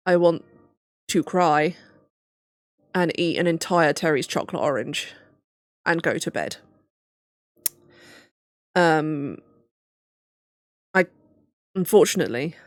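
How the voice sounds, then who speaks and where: A young livestreamer and PhD student speaks slowly in a low voice, pausing often as she talks casually to herself, almost crying and laughing nervously. It's studio-quality audio with no room sound.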